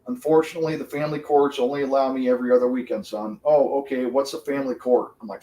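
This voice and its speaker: A man's voice: medium pitch, steady tone, fast talker, hardly any pauses, dark tone. A man hosting a livestream, chatting casually with viewers, swearing constantly, laughing often and rambling. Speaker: livestream host. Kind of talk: profane casual chat with viewers. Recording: roomy sound, distant from the mic.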